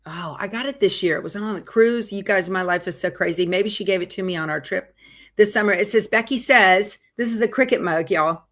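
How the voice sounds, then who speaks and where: A woman's voice: mid-range voice, brisk, a bit bright. A woman hosting a live sewing stream, chatting casually and reading viewer comments aloud. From Texas. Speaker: host of a live sewing show.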